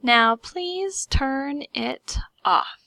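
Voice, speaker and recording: A curt, commanding old lady who snaps out orders and brooks no argument, as a woman reader puts her on. Her voice is bright and a little high, delivered dry and close. She sounds impatient, like a storybook neighbor who wants things done now. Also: animated, normal speed, no room sound. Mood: bossy.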